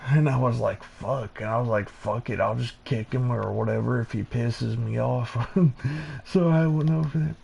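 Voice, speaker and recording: A man hosting a live stream in casual chat, laid-back and profane, laughing often, with a gravelly voice. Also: medium pitch, normal speed, darkish tone, lo-fi sound.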